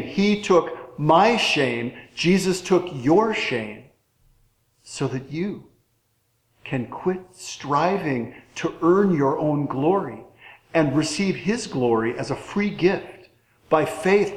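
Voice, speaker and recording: A man preaching a sermon as pastor, earnest and unhurried with dramatic pauses. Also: on the high side, echoey room, poor audio.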